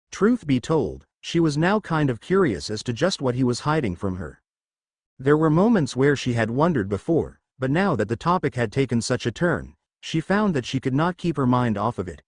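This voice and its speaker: A man narrating a fan fiction audiobook in a steady storytelling manner. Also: mid-range voice, dry recording, clean studio sound.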